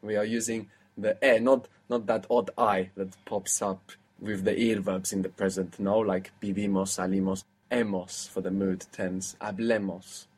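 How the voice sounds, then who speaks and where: A man's voice: on the low side, level tone, unhurried, few pauses, darkish tone, slightly rough. A man teaching a language lesson, explaining step by step and quizzing his student.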